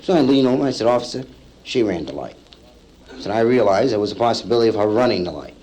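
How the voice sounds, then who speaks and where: A male stand-up comedian telling a story to a live audience, acting out the people in it with lively punchlines, from an old vinyl comedy album. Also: fairly low pitch, fast, a little hiss or hum, rough recording. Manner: acts out characters in the story, lively punchline delivery. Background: audience laughter.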